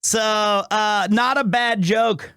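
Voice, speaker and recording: A man's voice: high-pitched, steady tone, slow, pushed and bright, smooth, no room sound, studio quality. A man streaming live, chatting casually and jokingly with his viewers, rambling along with frequent restarts and self-corrections. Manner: joking and playful with chat.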